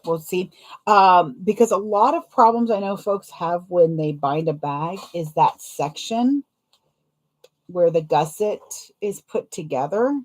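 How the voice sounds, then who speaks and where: A woman's voice: on the low side, lively intonation, measured pace, darkish tone. A young adult woman chatting casually while sewing, rambling and self-deprecating, laughing often and wincing from a sore foot. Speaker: sewing vlogger.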